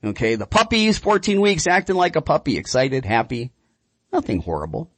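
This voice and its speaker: Lively, husky-voiced male radio host. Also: on the high side, normal speed, no room sound. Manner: animated, chatty storytelling. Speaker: radio show host and dog trainer. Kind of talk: radio call-in show talk.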